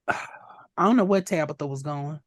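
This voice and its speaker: Animated, laughing woman podcast co-host. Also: low-pitched, unhurried, no echo, studio quality. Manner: animated, playful storyteller who laughs often. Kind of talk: casual chat about a TV episode.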